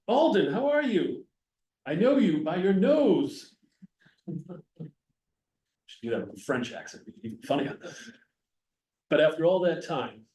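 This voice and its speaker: Chatty historian, roomy distant sound. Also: male voice, medium pitch, a little mellow. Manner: conversational, digressive, jokes with the audience. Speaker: historian giving a talk. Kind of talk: casual public history lecture.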